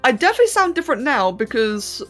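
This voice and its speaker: A chatty English woman with a slightly high voice talks her way through a live stream as she sculpts a 3D model. She laughs easily and stumbles over her words, with faint music under her voice. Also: sing-song, fast, fairly bright tone. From London, England. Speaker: streamer and 3D artist. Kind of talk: casual live-stream chat while modelling.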